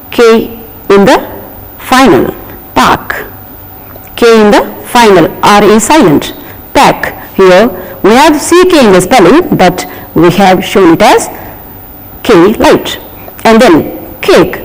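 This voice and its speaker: A mid-pitched teacher with a Telugu-influenced Indian English accent works through a pronunciation lesson, spelling words letter by letter. The delivery is slow, deliberate and repetitive. A long reverb trails behind the voice, as if recorded in a large hall. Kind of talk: televised phonetics lesson.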